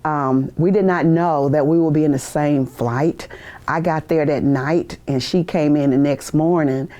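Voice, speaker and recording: Older woman, low warm voice, storytelling interview, laughs a lot. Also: steady tone, a little slow. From United States. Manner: storytelling, laughs often, acts out quoted voices. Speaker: veteran interviewee. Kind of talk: oral history interview. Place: university media studio.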